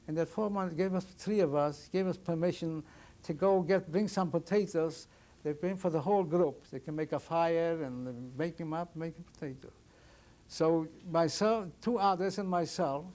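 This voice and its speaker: Older man survivor in oral history testimony, somewhat high voice, halting, plain storytelling. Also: a little mellow. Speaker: Holocaust survivor interviewee.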